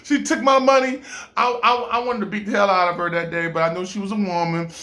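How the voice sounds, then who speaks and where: Man telling a funny story, lots of uh um, gets loud and high, echoey room. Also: quick pace. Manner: animated, stammering, rising into shouts. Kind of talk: casual comic storytelling. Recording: roomy echo.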